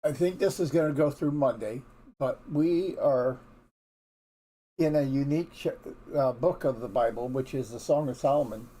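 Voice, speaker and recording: A man teaches a relaxed morning Bible devotion in an everyday mid-pitched voice. His delivery is folksy and candid, loosely conversational rather than preachy. He often doubles back and restarts his sentences as he works out his thoughts. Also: normal speed.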